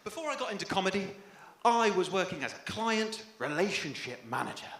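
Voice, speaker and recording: A young English man doing a stand-up comedy set on stage, dry and self-deprecating, with sudden loud outbursts. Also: high voice, sing-song, a little fast. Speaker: first-time stand-up comedian. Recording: echoey live venue with faint room noise.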